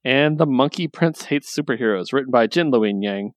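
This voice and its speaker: A man's voice: medium pitch, expressive, fairly quick, dry recording. Chatty enthusiastic man, dry sound. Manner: enthusiastic, lots of fillers. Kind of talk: casual chat.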